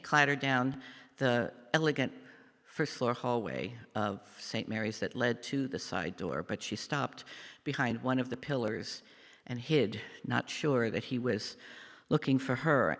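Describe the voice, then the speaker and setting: Gravelly older man, halting storyteller. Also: medium pitch, fairly bright tone. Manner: halting, reflective storytelling with many fillers. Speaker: lay speaker giving a meditation. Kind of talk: personal family story in a church service. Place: church sanctuary. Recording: long church reverb.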